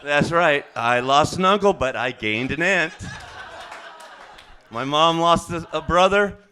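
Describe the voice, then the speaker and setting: A man doing a stand-up comedy set, rambling and halting, with fillers and self-corrections. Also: on the high side, bright, forceful tone.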